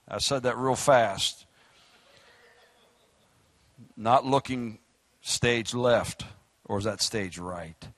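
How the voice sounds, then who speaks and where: A middle-aged man, preaching a fiery sermon as pastor, joking and then shouting his exhortations. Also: medium pitch, very animated, normal speed, no echo.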